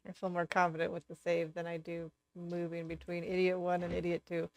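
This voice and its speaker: Blunt, smooth-voiced tabletop player. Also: medium pitch, monotone, a little fast, a little mellow, dry recording. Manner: blunt, swearing, playfully annoyed. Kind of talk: casual tabletop play.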